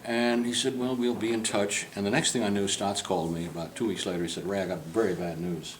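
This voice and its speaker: Older man, low voice, humorous digressive storyteller, tour guide, noisy room ambience. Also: steady tone, fairly quick. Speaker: portrait painter giving a club tour. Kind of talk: anecdotal storytelling to a group. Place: club interior, in a room with a group.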